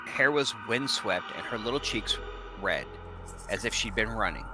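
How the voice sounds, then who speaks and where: A man reading a horror story aloud in first person, expressive and lively. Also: lowish voice, moderate pace, over music.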